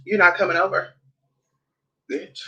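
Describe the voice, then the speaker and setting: Sassy, foul-mouthed vlogger with a bright voice. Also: mid-range voice, little pitch movement, a little slow, highs cut off. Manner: sassy and blunt, swears often, calls listeners honey and girl. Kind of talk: casual chat vlog.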